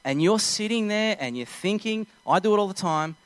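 A man's voice: high voice, lively intonation, normal speed, no room sound, rough recording. A young man preaching a sermon in an earnest, conversational way, acting out little scenes as he goes.

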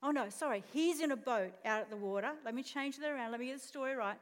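A woman's voice: high voice, quick pace. A woman pastor preaching a sermon, telling a story expressively and putting questions to the congregation. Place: church auditorium. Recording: long reverb in a church hall.

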